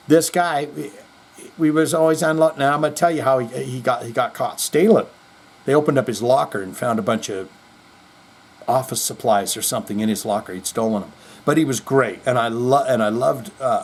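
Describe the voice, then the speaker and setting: A man's voice: a little high, expressive, a little fast, darkish tone. A middle-aged man hosting a podcast, rambling in casual chat with self-deprecating jokes. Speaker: podcast host.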